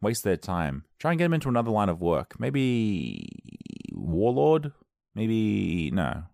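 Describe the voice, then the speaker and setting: A man's voice: fairly low pitch, wildly swooping pitch, measured pace, gravelly, darkish tone, no echo, clean studio sound. A man hosting a solo comedy show, riffing sarcastically and playfully in a rambling monologue.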